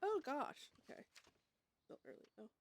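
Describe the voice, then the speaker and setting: A woman streaming a live game roleplay, excitable and quick to laugh and shriek. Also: a little hiss or hum, rough recording. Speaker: streamer playing a roleplay character. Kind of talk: live gaming roleplay chat.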